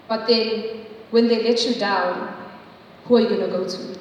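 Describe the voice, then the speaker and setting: A young woman giving a testimony in church, chatty and animated, often saying "like" and acting out quotes. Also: mid-range voice, a little slow. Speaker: church speaker sharing a testimony. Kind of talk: sermon-style testimony. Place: church hall. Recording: echoey hall from far off, faint noise.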